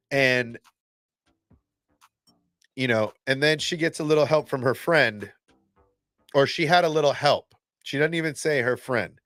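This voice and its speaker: Excitable, blunt man reacting to a show. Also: medium pitch, dry recording. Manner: excitable and blunt, swears, restarts often. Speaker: fan reaction host. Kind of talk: casual reaction commentary.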